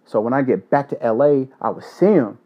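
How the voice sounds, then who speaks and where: Profane, animated man ranting. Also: mid-range voice, a little fast, muffled recording. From Louisville, Kentucky. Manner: profane, animated, loose and joking. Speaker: podcast host. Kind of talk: solo podcast rant.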